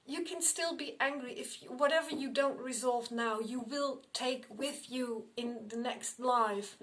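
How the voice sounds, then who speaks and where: A middle-aged woman, a spiritual medium telling personal stories in an unhurried way, often repeating and restarting her phrases. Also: fairly high pitch. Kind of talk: personal storytelling to camera.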